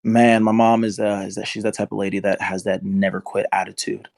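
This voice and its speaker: A man's voice: lowish voice, monotone, a little fast, gravelly, darkish tone, dry recording. A man in his twenties, a football player and interview guest, telling his story in an earnest, emotional way. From United States. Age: 20s.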